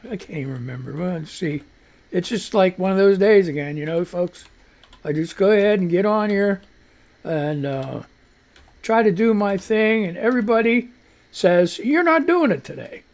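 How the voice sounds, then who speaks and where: A man's voice: sits high, moderate pace, darkish tone. A man hosting a casual live radio talk show, rambling and swearing freely, congested and wheezing with a cough. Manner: rambling, profane, laid-back.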